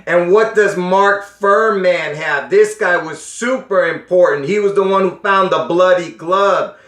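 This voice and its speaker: A man's voice: high-pitched, a little slow, fairly bright tone. A man talking casually to his viewers in an insistent way, often asking if they understand, with a strained, coughing voice. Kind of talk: casual monologue addressing viewers. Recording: echoey room.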